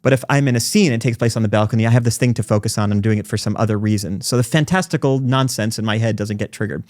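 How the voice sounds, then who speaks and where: A man in his forties, a podcast guest telling stories in fast, animated conversation. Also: on the low side, no room sound, clean studio sound. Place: recording studio.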